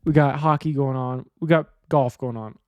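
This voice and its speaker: A man's voice: mid-range voice, fairly even intonation, moderate pace, no room sound, lo-fi sound. Laid-back swearing male podcast host. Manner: rambling, profane, offhand. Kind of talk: casual sports podcast monologue.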